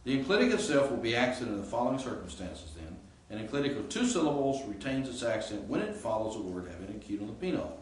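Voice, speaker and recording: A man's voice: medium pitch, sing-song, fast talker, hardly any pauses, far from the mic. A man lecturing on grammar to a class in an informal, explanatory way, often checking in with the students. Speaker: Greek professor. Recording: echoey classroom recorded from afar with faint hiss.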